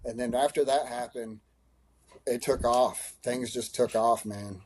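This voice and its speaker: A man, a high school running coach, answering in a podcast interview, earnest and emotional, with many restarts. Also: steady tone, a little slow, a little mellow.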